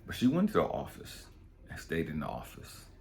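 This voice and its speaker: Deep-voiced, animated, profane male storyteller. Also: fairly quick, vocal fry. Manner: blunt and profane, animated, often laughing. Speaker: spiritual coach. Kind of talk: casual storytelling monologue.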